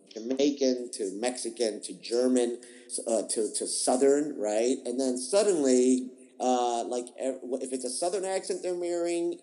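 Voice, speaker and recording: A man's voice: medium pitch, dark tone, poor audio. A man, an improv teacher, answering interview questions in a thoughtful, explanatory way, often restarting and repeating words. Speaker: improv teacher, podcast guest.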